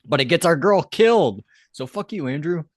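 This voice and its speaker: A man's voice: fairly high pitch, expressive, normal speed, dry recording, studio quality. Blunt, swearing man recapping a show. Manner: blunt, swears freely, acts out quotes in jumpy voices. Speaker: podcast co-host. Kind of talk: casual film podcast recap.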